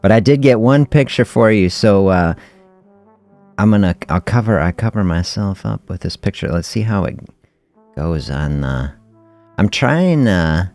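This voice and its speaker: A middle-aged man hosting a fasting health podcast, telling a story in a relaxed, reflective way and chuckling often during a casual livestream. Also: low-pitched, soft background music.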